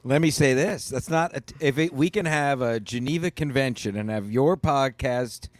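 A man's voice: medium pitch, normal speed. A man on a casual podcast panel, cracking wise and pressing his point emphatically.

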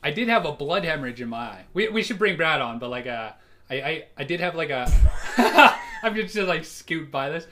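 A man's voice: a little high, animated, moderate pace, bright, forceful tone, slight background noise. A man co-hosting a casual comedy podcast, rambling with lots of fillers and giggles. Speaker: podcast co-host.

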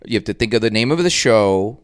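A man, a guest artist on a podcast, telling stories in a casual, animated and profane way and acting out the voices of people he quotes. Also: fairly low pitch, quick pace, clear, resonant tone, no room sound, studio quality.

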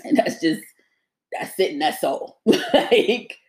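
A woman co-hosting a podcast, talking in a brash, animated, profane way and laughing loudly. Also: fairly low pitch, slow. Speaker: podcast co-host. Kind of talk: casual conversation.

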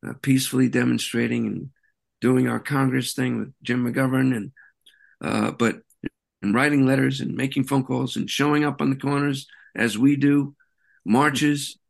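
A man being interviewed as a guest, recounting events in an animated, rambling way. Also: medium pitch, normal speed, gravelly. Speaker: interview guest, peace activist. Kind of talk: conversational interview.

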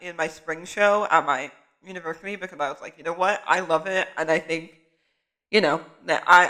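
Chatty bright-voiced young man. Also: high-pitched, rough recording. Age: young adult. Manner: chatty, many "like" fillers, animated retelling. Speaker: student photographer. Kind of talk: casual storytelling vlog.

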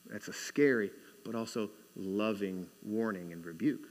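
Animated male pastor in a reverberant hall. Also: lowish voice, slow. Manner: animated, acts out voices of people in the story. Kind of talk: sermon.

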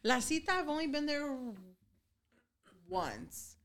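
A woman's voice: high-pitched, expressive, takes it slowly, a bit bright. A woman with a Chicano English accent from Southern California, chatting animatedly, swearing freely and mixing in Spanish. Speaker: podcast host. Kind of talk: casual chat.

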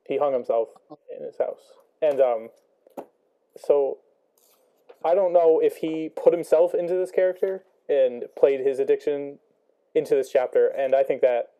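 A man's voice: medium pitch, highs cut off. A young man talking through a book chapter casually, thinking aloud with many ums and rhetorical questions. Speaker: student discussing a book.

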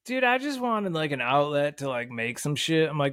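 A man's voice: on the high side, big pitch swings, moderate pace, fairly bright tone, clear, resonant tone, no echo, studio quality. A young adult man chatting casually as a podcast guest, rambling and swearing often in a laid-back way. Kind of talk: casual chat.

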